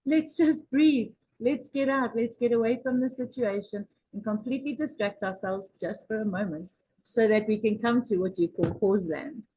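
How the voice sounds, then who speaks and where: A woman co-hosting a relaxed podcast chat, telling a story with animation and acting out the voices in her head. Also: medium pitch, moderate pace, slight background noise, rough recording. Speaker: podcast co-host. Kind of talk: casual conversational chat.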